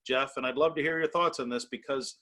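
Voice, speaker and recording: A man hosting a business interview, speaking in a measured, emphatic way. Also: medium pitch, steady tone, sharp tone. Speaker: host. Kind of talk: interview host commentary.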